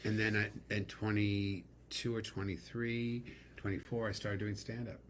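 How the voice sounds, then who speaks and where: A middle-aged man from New York, a guest comedian telling stories in a casual interview, animated and theatrical. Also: on the low side, unhurried, slight background noise.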